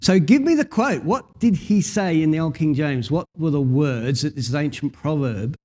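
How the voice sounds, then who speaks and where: A man preaching with a fairly high voice. He tells the story in an animated way, acting out the scenes as he goes and chatting with his listeners. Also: normal speed. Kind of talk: sermon.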